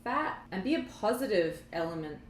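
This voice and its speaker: A woman's voice: mid-range voice, sing-song, moderate pace. A woman co-hosting a casual chat, talking animatedly and acting out quoted dialogue. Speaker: co-host. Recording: echoey room, faint background noise.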